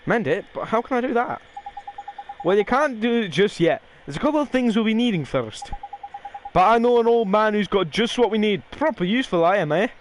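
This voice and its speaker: A man's voice: sits high, lively intonation, a little fast, slight background noise, pitched above the performer's own voice. A man putting on a chirpy fairy voice. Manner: reading game dialogue aloud in a put-on voice. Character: cheeky male fairy sidekick, bossy and chirpy. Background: game music.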